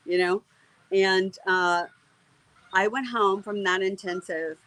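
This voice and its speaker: A woman's voice: mid-range voice, steady tone, slow pace, a bit bright, no room sound, rough recording. A middle-aged woman, an interview guest, telling a personal faith testimony in an earnest, emotional way, with many fillers and restarts.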